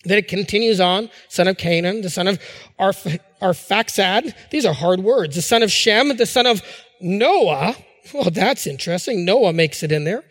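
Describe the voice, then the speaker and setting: A middle-aged man preaches in a relaxed, conversational way, often pausing with fillers and restarting his phrases. His voice sits high for a man, and it rings out with a long reverb as if filling a church hall. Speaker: pastor. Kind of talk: sermon.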